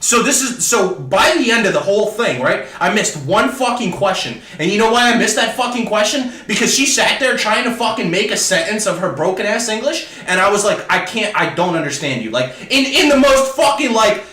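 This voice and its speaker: Animated, profane man in an echoey room. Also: high-pitched, a little fast, hardly any pauses, distant mic. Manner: animated, heavily profane storytelling. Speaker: podcast host. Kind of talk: casual chat.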